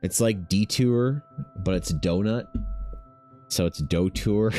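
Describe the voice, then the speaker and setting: A man's voice: on the low side, takes it slowly, darkish tone, faint music behind. A man chatting casually on a stream in a laid-back, slangy, rambling way. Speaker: streaming artist. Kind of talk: casual chat on a livestream.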